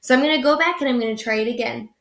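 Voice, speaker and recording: A young woman teaching young children a phonics lesson, slow and encouraging, stretching out each sound. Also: on the high side, fairly bright tone, echoey room.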